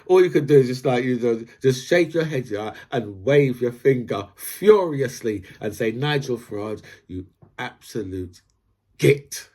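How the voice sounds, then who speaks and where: A man's voice: mid-range voice, expressive, moderate pace, few pauses, warm tone. A man hosts a casual commentary vlog. He rambles and builds his points through analogies, peppering his talk with "right?" and "you know". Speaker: host.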